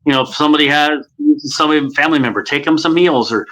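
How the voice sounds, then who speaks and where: A man guest in a casual interview, talking in a lively, chatty way. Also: on the high side, fast talker, poor audio. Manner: lively, chatty, many fillers. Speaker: guest, impressionist.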